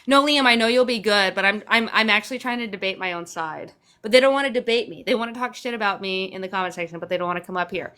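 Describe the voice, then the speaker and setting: A woman's voice: mid-range voice, fast talker, few pauses, pushed and bright. A young woman from Central Texas, chatty and sarcastic, swearing casually as she hosts a phone livestream and answers viewer comments. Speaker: livestream host.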